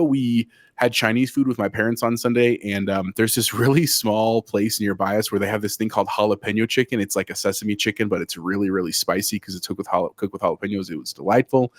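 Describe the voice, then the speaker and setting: A man's voice: fairly low pitch, a little fast, no echo, clean studio sound. A man co-hosting a casual gaming podcast, telling stories in an enthusiastic, rambling way. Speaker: podcast co-host.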